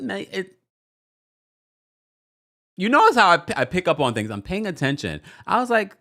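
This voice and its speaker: A man's voice: a little high, sing-song, fairly quick, creaky, fairly bright tone. A man in his forties hosting a podcast, chatting casually through a reality TV recap and reading out listener comments. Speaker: podcast host.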